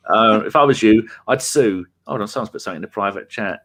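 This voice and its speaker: A man's voice: fairly low pitch, fast talker, a bit bright. A man from England hosting a casual football podcast, teasing his co-hosts and joking with listeners. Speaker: podcast host.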